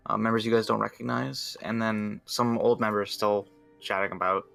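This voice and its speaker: A man narrating a tabletop game as game master in a relaxed, hesitant way. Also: on the low side, normal speed, vocal fry, faint music behind.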